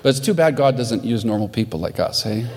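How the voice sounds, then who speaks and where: A man's voice: medium pitch, animated, fairly quick, in a large hall, background noise. A man preaching a sermon as pastor, telling stories earnestly.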